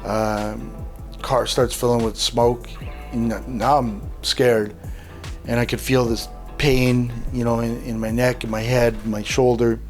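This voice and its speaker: A man's voice: mid-range voice, slow pace, soft background music. Man telling his story. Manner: lively storyteller who acts out dialogue, with many "uh" and "like" fillers. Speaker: guest sharing his life story. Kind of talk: personal testimony told in an interview.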